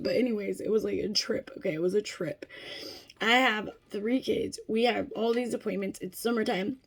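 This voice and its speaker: A woman in her thirties from California tells a story in a loose, rambling way, with fillers and frequent swearing. Her voice has a gravelly fry and sits a little high. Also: normal speed. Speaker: vlogger. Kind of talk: casual storytelling vlog.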